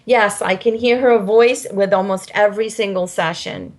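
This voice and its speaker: A woman guest in an interview telling animated stories about her healing practice, acting out voices as she goes. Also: mid-range voice, moderate pace. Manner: animated storyteller, acts out quoted voices. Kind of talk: conversational interview storytelling.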